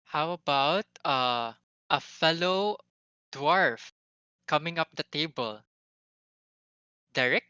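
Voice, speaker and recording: A game master running a tabletop session, speaking slowly and hesitantly. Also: mid-range voice, lively intonation, pushed and bright, clean tone, dry recording, muffled recording. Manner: slow, hesitant with uhs.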